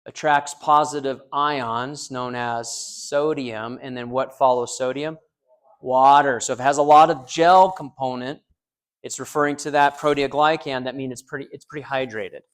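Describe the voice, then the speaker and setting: A man's voice: mid-range voice, steady tone, normal speed, clean tone. A man lecturing a small university class, joking and quizzing students, with frequent restarts. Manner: joking, asks the class questions, repeats students' answers; frequent restarts and fillers, loose conversational delivery.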